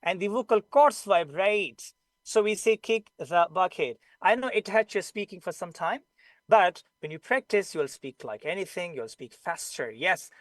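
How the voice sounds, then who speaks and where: A man with a Pakistani English accent teaching pronunciation to an online class. His voice sits high for a man, and the sound is dry and close. He explains patiently and drills each sound again and again. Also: lively intonation, moderate pace, no room sound.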